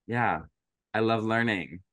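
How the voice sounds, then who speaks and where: A man's voice: on the low side, slow, a bit bright, no room sound. A man co-hosting a podcast in casual chat, rambling along with lots of fillers and restarts. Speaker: podcast co-host.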